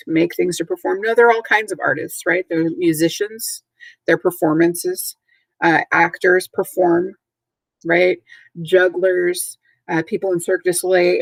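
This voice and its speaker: A woman with a slightly low voice teaches third graders from a recorded video lesson. She speaks clearly and patiently, spelling out each word letter by letter. The sound is dry and close, with no room around it. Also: dry recording, low-quality recording.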